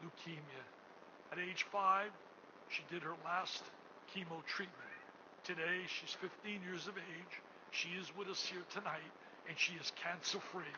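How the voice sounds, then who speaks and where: An older man giving an emotional fundraising speech as gala host in a hotel ballroom. He booms out some lines and drops to a hush on others. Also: fairly even intonation, a little slow. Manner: booming, swings between shouting and hushed tones. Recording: muffled recording with room noise.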